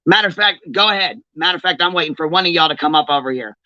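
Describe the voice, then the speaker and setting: A woman's voice: low voice, lively intonation, very fast, bright, forceful tone, dry recording. Fired-up woman ranting on a stream. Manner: heated, profane, confrontational calling-out. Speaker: livestream host. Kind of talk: angry livestream rant. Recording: dull, lo-fi stream audio.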